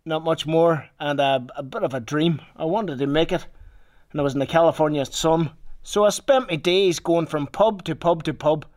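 Swearing Northern Irish storyteller. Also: male voice, a little high, normal speed, darkish tone. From Northern Ireland. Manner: swears freely, rambling anecdote with restarts. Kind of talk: casual storytelling.

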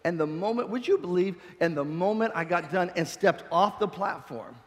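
A man preaching a sermon with passion, swinging between shouted peaks and quiet, storytelling stretches. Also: sits high, lively intonation, normal speed, big-room sound.

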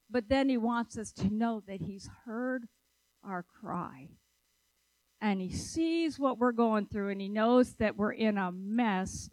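A woman preaching a sermon, telling stories in a lively, conversational way and asking the audience questions. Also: on the high side, dry recording, poor audio. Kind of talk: sermon with storytelling.

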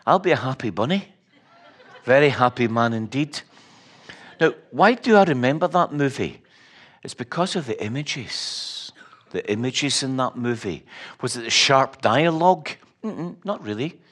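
Slow-spoken Scottish preacher. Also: male voice, mid-range voice, lively intonation, a bit bright. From Scotland. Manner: storytelling, wry humor, emphatic repetition. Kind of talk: sermon.

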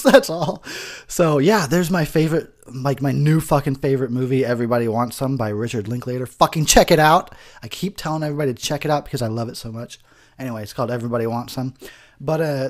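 A man giving a rambling, profane, tipsy commentary over a movie, laughing often. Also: mid-range voice.

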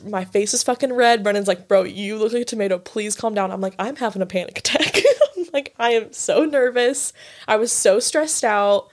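Young woman, podcast co-host, casual storytelling, swears a lot, laughs often, average pitch. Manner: fast, profane, laughing, filler-heavy "like".

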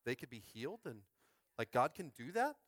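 A man preaching a sermon as pastor, fervent and calling out to his congregation, swinging from quiet musing to shouted climaxes. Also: mid-range voice, sing-song, brisk, no room sound, clean studio sound. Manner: calls out to the congregation. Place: school space used as a church.

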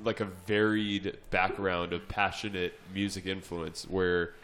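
A male podcast host with a somewhat low voice talks laid-back and chatty, padding with filler words. He wraps up segments casually. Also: little pitch movement, measured pace, a bit bright, a little hiss or hum. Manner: laid-back, fills with "like" and "yeah". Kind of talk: casual interview chat.

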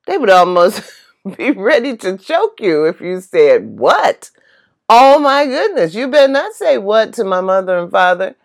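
A middle-aged woman telling a personal story in a casual monologue, emphatic and animated, laughing now and then. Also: medium pitch. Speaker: vlogger.

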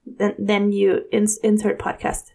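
A woman co-hosting a podcast in casual chat, playful and quick to laugh. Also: medium pitch, completely flat delivery, gravelly, mellow, breathy edge. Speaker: podcast co-host.

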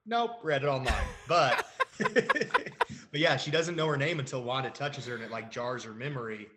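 A man's voice: medium pitch, moderate pace, very noisy. A man co-hosting a podcast, chiming in with questions and asides in casual chat. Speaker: podcast co-host.

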